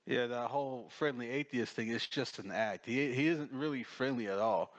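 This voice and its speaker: A man's voice: mid-range voice, moderate pace, dull audio. A man talking on a podcast, stammering as he pushes back in an argument.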